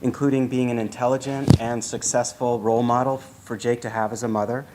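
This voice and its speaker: A man's voice: medium pitch, flat delivery, brisk, a little mellow, a little hiss or hum, rough recording. A man in his forties, a father thanking the guests at his son's bar mitzvah, hesitant and full of ums and uhs. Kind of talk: casual speech to guests.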